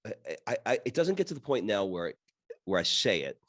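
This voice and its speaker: Deep-voiced man in his fifties. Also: big pitch swings, fairly bright tone, no echo, clean studio sound. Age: 50s. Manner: halting, thoughtful questions with many restarts. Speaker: podcast host. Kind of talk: interview questions and conversation.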